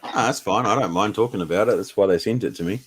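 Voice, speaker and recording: Kiwi-guy, lowish voice, dry teasing on a video call stream. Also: fast, slightly rough. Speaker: co-host. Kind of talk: casual livestream chat.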